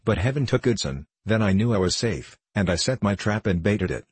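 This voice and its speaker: A scornful, vengeful stranger, read by a man in an audiobook, laying out his revenge in measured, contemptuous phrases. The voice sits deep with a husky grain, recorded close and dry. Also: lively intonation, darkish tone, dry recording. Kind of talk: audiobook reading.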